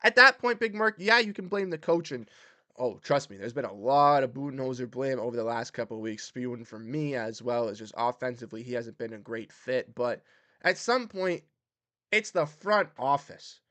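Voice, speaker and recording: A man hosting a sports livestream, ranting heatedly and swinging between loud outbursts and muttered exasperation. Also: medium pitch, expressive, moderate pace, no echo. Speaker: sports podcast host. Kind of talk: livestream rant.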